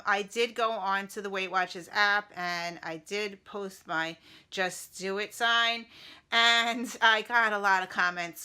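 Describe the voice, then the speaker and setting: A woman's voice: mid-range voice, pushed and bright, clean tone. A middle-aged woman talking casually to her vlog audience in a rambling, chatty way with many fillers. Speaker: vlogger.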